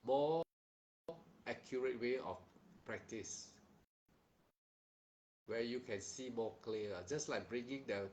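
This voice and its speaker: A man's voice: medium pitch, takes it slowly, pauses often, darkish tone, slight background noise, rough recording. A man teaching meditation and giving a dharma talk. He is stern and admonishing, repeats himself, and keeps asking "huh?" as a tag question. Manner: repeats phrases and restarts sentences in plain, simple wording.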